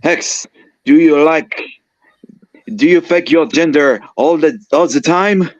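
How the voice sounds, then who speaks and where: A man reading aloud, voicing a smug male cartoon raccoon in a loud, put-on French accent. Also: on the high side, takes it slowly, dull audio, pitched above the performer's own voice. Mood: teasing.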